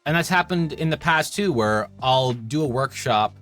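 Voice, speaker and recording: A man in his thirties from Canada, a voice actor chatting casually in an interview and telling lively anecdotes. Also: medium pitch, moderate pace, faint music behind. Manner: chatty, animated anecdotes with acted-out quotes. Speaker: voice actor guest.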